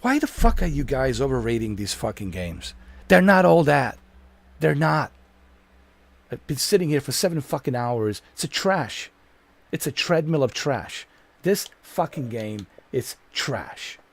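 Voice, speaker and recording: A man's voice: medium pitch, big pitch swings, measured pace, vocal fry, dry recording. A man giving a gameplay commentary rant, exasperated and profane, repeating his complaints over and over. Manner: exasperated, profane, repetitive ranting. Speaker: gamer streamer.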